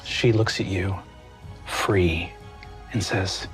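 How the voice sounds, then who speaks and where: A man narrating a tabletop game as game master, in slow, measured, hushed narration. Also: fairly low pitch, steady tone. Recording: faint music underneath.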